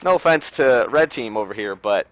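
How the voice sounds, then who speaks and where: A man's voice: mid-range voice, expressive, moderate pace, a bit bright. A man giving esports color commentary, chatty and conversational, tripping over his words and poking fun at himself. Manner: conversational, stumbles over words, self-mocking.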